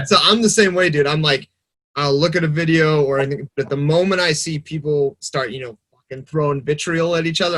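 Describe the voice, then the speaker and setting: A young man talking casually on a podcast, animated and rambling, swearing freely. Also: on the high side, brisk. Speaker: podcast guest. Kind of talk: casual chat.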